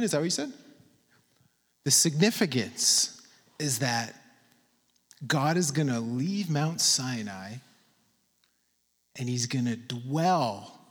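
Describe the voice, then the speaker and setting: A man preaching a sermon, lively and questioning his listeners as he teaches. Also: a little high, slightly rough, big-room sound. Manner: animated, asks the audience questions. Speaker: pastor.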